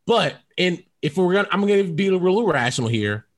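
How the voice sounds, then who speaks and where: A man's voice: high voice, expressive, a little fast. A man co-hosting a podcast, joking and laughing through casual banter. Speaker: podcast co-host.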